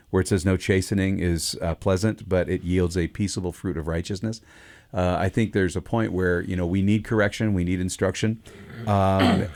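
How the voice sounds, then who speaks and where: A man co-hosting a Christian radio talk show, speaking casually with many pauses and restarts. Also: sits low, a little mellow. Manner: hesitant, many fillers and restarts.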